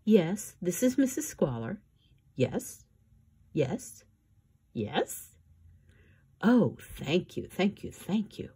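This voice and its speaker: A woman's voice: big pitch swings, extremely slow, long pauses, warm tone, husky, full character voice. A woman putting on a breathless gushing society lady. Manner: breathless and gushing, high and eager. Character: excitable, trend-obsessed rich society woman. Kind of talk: audiobook reading.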